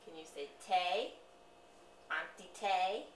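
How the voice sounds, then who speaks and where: A woman's voice: on the low side, slow, reverberant, far from the mic, slight background noise, low-quality recording. A mother doing playful, sing-song baby talk as she coaxes her toddler to say words.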